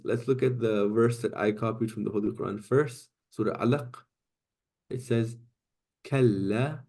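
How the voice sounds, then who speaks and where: A man's voice: medium pitch, creaky, mellow. A man teaching an online class, explaining step by step and often checking in with "right?" and "okay?". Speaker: Quranic Arabic teacher.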